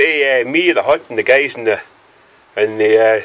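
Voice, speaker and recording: A man's voice: medium pitch, normal speed, a bit bright. A Scottish man chatting casually to the camera in a small hut, rambling on and ending nearly every phrase with a questioning "eh?". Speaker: vlogger. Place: small cluttered wooden hut, indoors.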